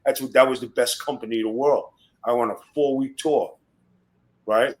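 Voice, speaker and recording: A man's voice: medium pitch, steady tone, normal speed, low-quality recording. A middle-aged man talks as a podcast guest, telling tough-guy stories in a blunt, swearing style. His voice sits in a middle register. He sounds like a former wrestler at ease. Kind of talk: casual storytelling interview.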